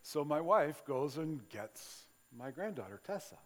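An older male pastor preaches in a large church, telling stories in a warm, conversational way and slipping into the voices of the people he quotes. His voice sits a little high for a man. The sound carries the long reverb of a big hall. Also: very animated, a little slow. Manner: conversational storytelling with acted-out quotes. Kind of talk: sermon.

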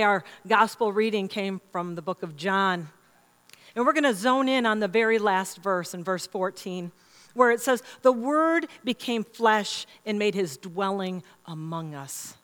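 A middle-aged woman pastor giving a sermon, telling stories and acting out quoted voices as she preaches. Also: medium pitch. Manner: storytelling, animated quoting of others. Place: church sanctuary. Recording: long reverb in a large hall.

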